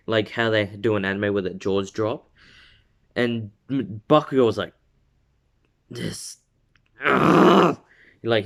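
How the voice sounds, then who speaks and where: Man, fairly low voice, casual storytelling, rambling, stumbling, laughing. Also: clean tone. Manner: rambling with fillers and laughs, acts out quotes. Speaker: fan fiction storyteller. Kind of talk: casual spoken story retelling.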